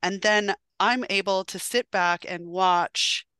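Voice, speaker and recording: A woman's voice: medium pitch, slow pace, sharp tone, smooth, no room sound. A woman co-hosting a parenting podcast who shares practical stories from home in a casual way.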